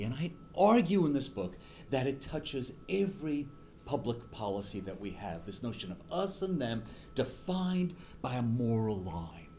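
A man's voice: mid-range voice, a little mellow, slight background noise. A middle-aged man, a political science professor, giving a university lecture and telling stories with many ums and restarts.

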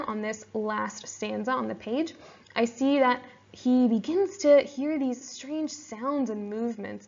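A woman teacher explaining poetry in a steady, explanatory lesson, sometimes reading verse aloud slowly. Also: on the high side, creaky, dull audio. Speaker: English teacher.

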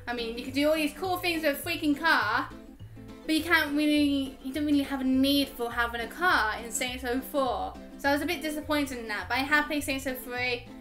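Woman, high voice, bright tone, chatty, giggly, gaming vlog q&a. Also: a little fast, faint music behind. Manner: chatty, giggly, frequent laughs and fillers. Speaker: gaming YouTuber. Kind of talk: casual Q&A vlog chat.

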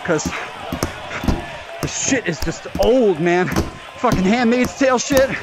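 A man ranting profanely and angrily while boxing in a VR game, out of breath from the workout, with shouted outbursts. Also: sits high, animated, slow, crowd noise. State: out of breath from exercise. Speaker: VR fitness vlogger. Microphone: VR headset mic.

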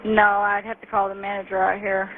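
Woman, store clerk, emergency call, shaken and halting, tinny phone line, faint hiss. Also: mid-range voice, completely flat delivery. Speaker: store clerk, robbery victim calling 911.

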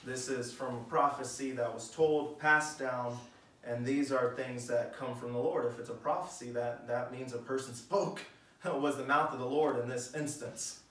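A man's voice: medium pitch, steady tone, moderate pace, fairly bright tone. A man preaching a sermon in a conversational way, asking his listeners questions and reading scripture aloud in church. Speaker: pastor. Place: church hall. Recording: echoey room, mic at a distance.

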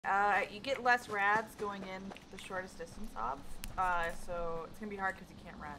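A woman gamer in casual voice chat, excitable and joking as she plays. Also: medium pitch, normal speed, background noise.

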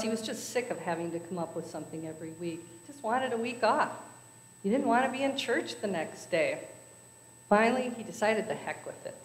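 A woman's voice: medium pitch, a little hiss or hum. Woman telling jokes in an echoey church. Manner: storytelling with voices for characters. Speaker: speaker at a church service. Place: church sanctuary.

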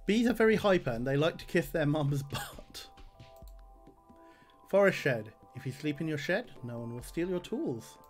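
A man's voice: a little high, lively intonation, normal speed, soft background music. A man streaming a game, reading item text aloud with dry jokes and plenty of fillers. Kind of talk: game livestream commentary.

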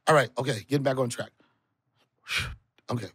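A comedian hosts a podcast in a studio, chatting casually and comically at a normal speed. His husky, slightly bright voice is recorded dry and close to the mic. He swears freely and jumps way up in pitch for punchlines.

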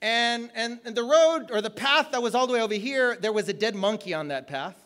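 Male preacher, very high pitch, bright forceful tone, energetic and joking delivery. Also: brisk. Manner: energetic, joking, shouts at peaks. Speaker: guest preacher. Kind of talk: sermon.

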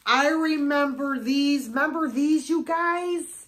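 A woman's voice: high voice, animated, slow, a bit bright. A middle-aged American woman chatting casually in a vlog, gushing and exclaiming over each thrift find. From United States. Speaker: thrift haul vlogger.

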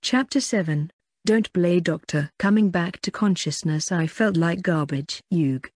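A woman's voice: lowish voice, measured pace, a little mellow, dry recording. A woman narrating a first-person audiobook in a plain, conversational reading with small slips.

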